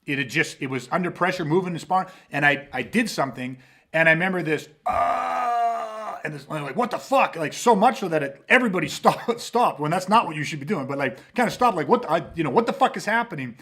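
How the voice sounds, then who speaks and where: A man's voice: a little high, animated, quick pace, a bit bright. A man hosting a podcast about self-defense, telling stories animatedly with lots of swearing and restarts. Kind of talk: casual podcast talk.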